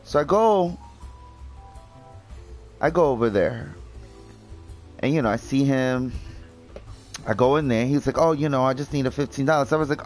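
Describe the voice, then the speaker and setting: A man's voice: mid-range voice, normal speed, pauses often, a little mellow, soft background music. A young man chatting casually while gaming, rambling with lots of fillers and swearing freely. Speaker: gaming video host.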